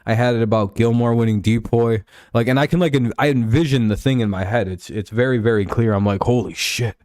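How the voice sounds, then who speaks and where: A man's voice: medium pitch, fast talker, a little mellow, dry recording, studio quality. A man streaming live, talking football in a rambling, profane way with lots of fillers and restarts. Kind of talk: casual live-stream sports chat.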